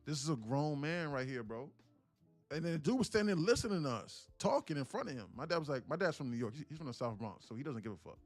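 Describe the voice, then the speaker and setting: A man's voice: a little high, big pitch swings, rapid-fire, hardly any pauses, dry recording, soft background music. A man hosting a casual live trading stream, telling a rambling story in a slangy way. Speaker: day trader and livestream host. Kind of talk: casual livestream chat.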